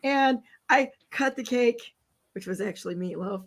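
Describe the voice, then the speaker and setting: A middle-aged woman telling a family story in casual chat, animated and laughing, checking in with "okay?" and "right?". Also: on the high side, unhurried. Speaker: co-host.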